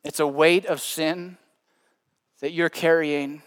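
Animated male preacher in a big hall. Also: a little high, takes it slowly, smooth. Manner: animated storytelling, swinging from loud to hushed. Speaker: pastor. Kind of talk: sermon.

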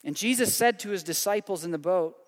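A male pastor preaching a sermon, telling a story dramatically and then moving into hushed prayer. His voice sits high for a man. A long reverb trails every phrase, as in a large sanctuary. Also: fairly quick.

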